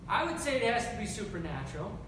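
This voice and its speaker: A male pastor preaching a sermon in a conversational, animated way, acting out scripture as he goes. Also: high voice, quick pace. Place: church. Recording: echoey church hall, distant mic, background noise.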